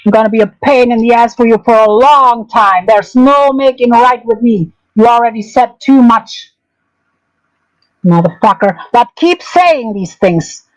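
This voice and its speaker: A woman rants on her own livestream. Her voice sits a little high, and she talks hotly and profanely. She repeats her jabs over and over to drive them home. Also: measured pace, rough recording. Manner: angry, profane, repetitive ranting. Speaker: streamer. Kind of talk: livestream drama commentary.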